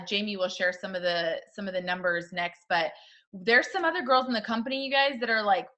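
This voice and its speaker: A woman's voice: a little high, a bit bright. A woman co-hosting a casual motivational chat who cheers her guest on and laughs often.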